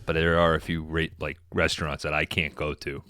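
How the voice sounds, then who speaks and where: Very low-voiced man joking on a podcast. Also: level tone, brisk, pushed and bright, dry recording. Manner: laid-back, crude joking. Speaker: podcast co-host. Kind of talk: casual banter.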